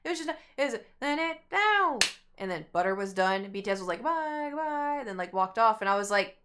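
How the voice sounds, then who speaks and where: A woman's voice: medium pitch, fast. A young adult woman streamer casually telling a long story to her chat, rambling and acting out what people said. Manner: rambling, animated, acts out quotes.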